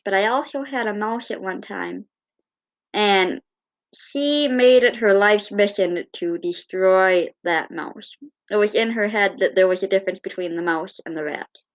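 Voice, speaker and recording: A woman telling fond, gently humorous personal stories in a casual way. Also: medium pitch, highs cut off. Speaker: cat owner.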